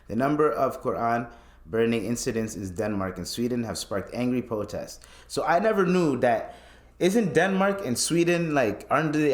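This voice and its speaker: A man's voice: mid-range voice, echoey room. Man ranting profanely on his podcast. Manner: profane, animated ranting with laughs. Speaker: podcast host. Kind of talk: casual solo podcast rant.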